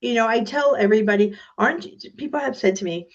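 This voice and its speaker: Animated woman guest on a podcast, acts out the people in her stories, audio a bit dull and lo-fi. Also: on the high side, fast talker. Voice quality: animated storyteller, acts out voices in anecdotes. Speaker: guest speaker. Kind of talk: podcast interview.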